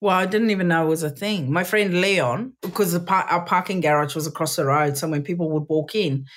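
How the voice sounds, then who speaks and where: A woman's voice: lowish voice, a little fast. A woman, a comedian chatting bluntly and directly as a guest. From South Africa. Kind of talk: casual chat.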